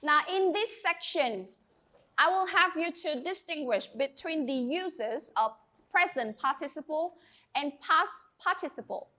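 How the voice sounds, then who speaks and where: A woman teaching an English class, speaking in a clear, encouraging and instructive way. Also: sits high, lively intonation, unhurried, bright, forceful tone.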